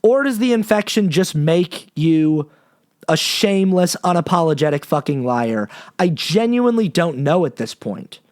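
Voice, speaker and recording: Impassioned, high-voiced male podcaster. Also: animated, normal speed, a little mellow. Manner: impassioned, profane, frequent restarts. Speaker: podcast host. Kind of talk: monologue.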